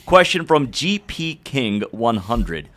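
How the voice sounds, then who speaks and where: A man's voice: mid-range voice, very animated, pushed and bright. Man reading out viewer questions. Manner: reads carefully and slowly, with light asides. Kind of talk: reading questions aloud on a live show.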